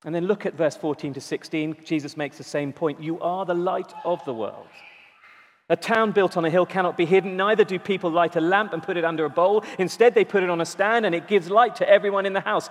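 A man preaching a sermon, emphatic, slowing down to stress key words and repeating them. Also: sits high. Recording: long reverb in a large hall.

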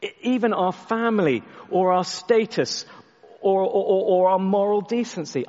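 A man preaching a sermon, telling a story and often restarting his words, sometimes dropping his voice very soft for emphasis. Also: high voice, normal speed, in a large hall, lo-fi sound. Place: church.

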